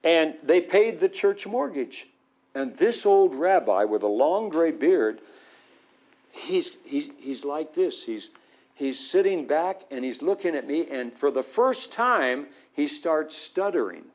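A man's voice: fairly high pitch, slow pace. A man telling a story animatedly as a guest on a Christian talk show. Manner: animated anecdote, acts out the voices. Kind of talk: storytelling testimony.

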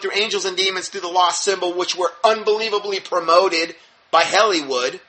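Sarcastic man with a bright, forceful voice. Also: high voice, a little fast. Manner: mocking, sarcastic asides; restarts and repeats words. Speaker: commentator reading an article. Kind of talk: sarcastic commentary on a read article.

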